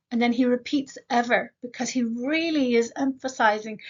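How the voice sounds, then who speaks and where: A woman teaching an English grammar lesson, slowly modeling example sentences and asking the learner quick questions. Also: on the high side, darkish tone, dull audio.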